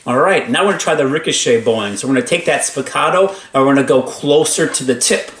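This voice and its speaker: An upbeat man teaches bowing in an instrument lesson, speaking at a middling pitch between bursts of violin. He counts aloud while he plays. The room is echoey, and the violin stays loud behind him. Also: expressive, fast, loud music behind the voice. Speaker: string teacher. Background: violin playing.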